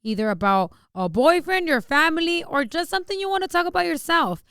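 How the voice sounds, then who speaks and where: A young woman hosting a podcast, chatting excitedly and mixing English with Spanish. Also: extremely high pitch, a little fast, no echo, clean studio sound. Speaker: podcast host. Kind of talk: casual chat.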